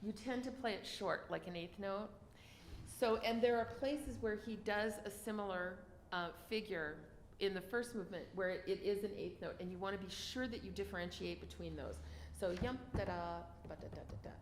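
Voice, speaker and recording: A woman teaching a piano masterclass, effusive in her praise and breaking into sung rhythms to show phrasing. Her voice sits at a middling pitch and rings in a roomy space. A faint hiss stays in the background. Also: moderate pace. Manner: effusive, sings rhythms aloud while explaining. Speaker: piano adjudicator. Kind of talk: masterclass feedback. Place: piano gallery room.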